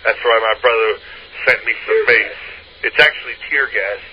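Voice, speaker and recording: A man's voice: medium pitch, normal speed. A man telling a crude, profane anecdote in a casual way, laughing often as he talks. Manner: crude, profane, laughs through his own story. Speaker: hotline storyteller. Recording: dull lo-fi line with faint hiss.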